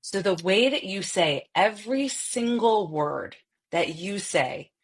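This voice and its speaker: With a medium pitch, a slow pace and a breathy edge, a woman voice coach talks expressively during a podcast interview, demonstrating how to shift her voice between styles.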